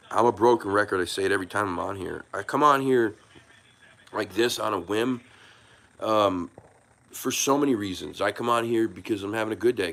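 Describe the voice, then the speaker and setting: His voice is lowish and a bit bright: a YouTube host on a casual live stream, earnestly thanking viewers by name. He rambles with many restarts, touched by the support he's getting.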